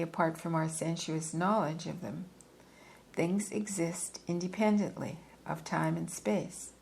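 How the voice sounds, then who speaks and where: A woman reading a philosophy book aloud in a measured, deliberate way, stopping now and then for a quick aside or to correct herself. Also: fairly low pitch, creaky, a little mellow, a little hiss or hum, rough recording. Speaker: reader.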